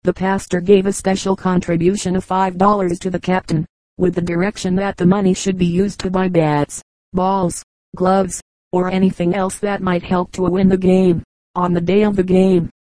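Flat, mellow-voiced woman reading. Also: on the low side, no echo, rough recording. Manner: steady, even storytelling delivery. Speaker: audiobook reader. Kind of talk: scripted narration of short jokes.

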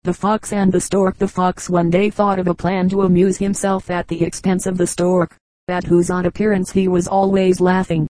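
A woman narrates fables with a measured, steady delivery. Her voice sits low and warm, kept flat in its melody. The sound is dry and close to the mic. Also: no room sound, poor audio. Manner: measured, even reading. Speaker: audiobook narrator. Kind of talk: scripted storybook narration.

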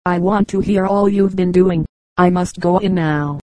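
A woman voicing a lively, frank young girl who talks candidly and briskly, in an audiobook reading. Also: lowish voice, no room sound, lightly acted.

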